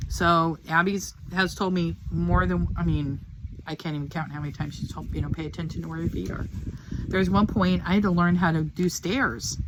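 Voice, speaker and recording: An older woman with a deep, low-pitched voice talks straight to the camera, sharing a personal faith testimony. Her delivery is earnest and heartfelt, wandering casually from thought to thought. A faint background noise sits under her voice. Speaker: Christian testimony speaker.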